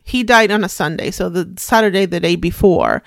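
A woman in her forties, hosting a podcast, telling a personal story in a somber, reflective and halting way. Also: fairly low pitch, creaky, no room sound, studio quality. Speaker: podcast host.

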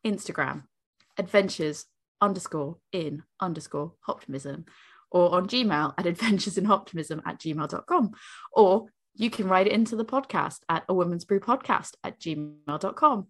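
A woman co-hosting a podcast, chatting casually and acting out quotes as she tells animated stories. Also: on the low side, moderate pace. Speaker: podcast co-host. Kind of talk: casual chat.

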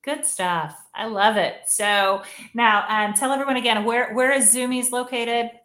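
Cheerful woman host in casual interview, quick to affirm. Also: a little high, fairly bright tone, roomy sound. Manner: upbeat, affirming, laughs along. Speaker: podcast host.

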